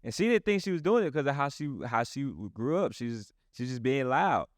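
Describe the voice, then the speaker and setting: A man's voice: mid-range voice, big pitch swings, a little fast, no echo, clean studio sound. A man who is a pastor, talking earnestly and casually in a rambling way with many restarts. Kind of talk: casual podcast chat.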